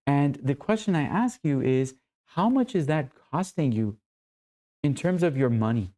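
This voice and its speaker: A man's voice: a little high, lively intonation, a little slow, mellow. A man coaching other men, talking earnestly and with emphasis in short phrases. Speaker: men's coach. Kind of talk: motivational teaching talk.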